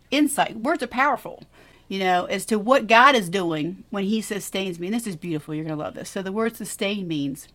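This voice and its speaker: A woman's voice: medium pitch, a bit bright. A woman co-hosting a faith podcast, teaching in an earnest, encouraging way with emphatic repetition. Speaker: podcast co-host.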